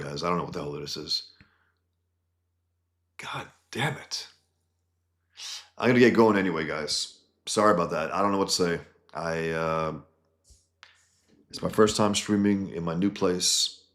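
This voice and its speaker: A man's voice: low voice, creaky. A man hosting a casual livestream from his new home, reading viewer comments and answering them in a heated, ranting way with swearing and frequent restarts. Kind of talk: casual live-stream talk.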